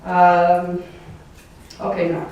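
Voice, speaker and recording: A lowish, monotone woman's voice draws out its words over soft background music, and the audio sounds dull. She's a young Portuguese native speaker and outgoing board member, giving a teary, rambling closing speech with laughs between her thanks. The large event hall echoes, picked up by a far-off mic with faint noise.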